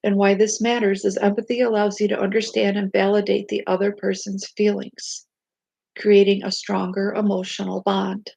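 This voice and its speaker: A woman life coach, unwell, giving steady self-help advice from her bed into a laptop mic. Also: medium pitch, gravelly, husky, no echo, lo-fi sound. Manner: steady, instructive, reading from notes. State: unwell, low energy. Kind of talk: casual self-help talk. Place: bed at home.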